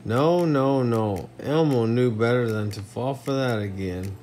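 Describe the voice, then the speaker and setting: A man's voice: mid-range voice, a little slow, background noise. A man reading a children's storybook aloud to his kids at bedtime, playful and teasing, with joking asides.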